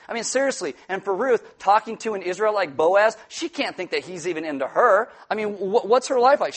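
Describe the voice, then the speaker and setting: A middle-aged man preaching a sermon, animated and joking, acting out the quoted voices. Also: high voice. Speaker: pastor.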